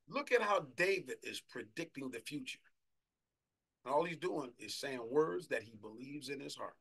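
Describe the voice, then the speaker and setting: Fervent preacher with a bright, tense voice. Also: male voice, a little high, expressive, vocal fry, breathy edge. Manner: fervent, shouting bursts, drawn-out scripture reading. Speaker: apostle preaching. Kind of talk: sermon.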